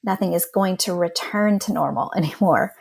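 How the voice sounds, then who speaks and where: A woman teacher being interviewed, talking in a lively way and acting out what she says in class. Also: on the low side, moderate pace, vocal fry, slightly rough. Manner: animated, acts out classroom talk in quotes. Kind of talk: casual interview talk.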